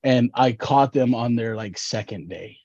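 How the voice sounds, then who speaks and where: Mellow, laid-back man from Texas. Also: medium pitch, a little slow, no room sound. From Dallas, Texas. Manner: laid-back, rambling, laughs at own stories. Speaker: guest. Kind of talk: casual storytelling chat. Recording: slightly dull, lo-fi podcast audio.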